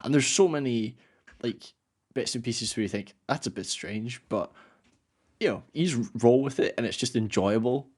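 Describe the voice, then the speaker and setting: A man co-hosting a podcast in casual chat, relaxed and rambling, with plenty of "uh" and "like" and frequent laughs. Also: medium pitch, moderate pace. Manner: relaxed and rambling, full of fillers like "uh" and "like", laughs often. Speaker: podcast co-host.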